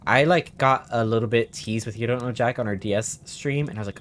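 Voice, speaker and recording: A man's voice: medium pitch, a little fast, fairly bright tone, slight background noise. A young man streaming a trivia game, chatting casually, often bewildered and poking fun at himself. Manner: bewildered, chatty, self-mocking. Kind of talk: casual live-stream commentary.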